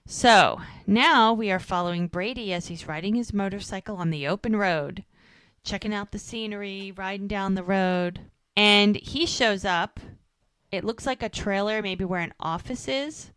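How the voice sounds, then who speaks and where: On a podcast she co-hosts, a woman casually recaps a TV episode, performing the characters' lines in an animated retelling. Her mid-range voice is clear and resonant, moving at a normal speed in a dry recording.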